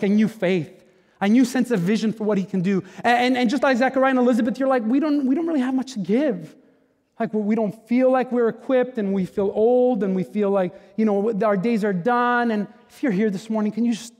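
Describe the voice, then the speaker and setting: A middle-aged man preaching a sermon as a guest pastor, talking in a chatty, animated way, acting out the voices he quotes and often repeating his words as he goes. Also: high-pitched. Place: church sanctuary. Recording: long hall reverb.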